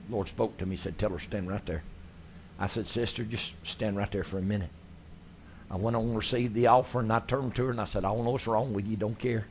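A man preaches, spinning folksy, animated stories from the pulpit. His voice sits at an ordinary middle pitch. Faint background noise runs under the recording. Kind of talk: sermon storytelling.

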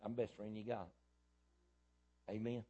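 Middle-aged male pastor, husky low voice, fiery repetitive sermon delivery. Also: little pitch movement, normal speed, dull audio. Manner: fiery, emphatic preaching with loud rises and repetition.

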